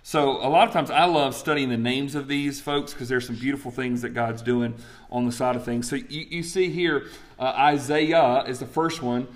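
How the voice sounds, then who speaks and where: A man's voice: mid-range voice, normal speed. Chatty man teaching a bible class. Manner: lively, chatty, asks the class questions. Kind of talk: bible study class talk.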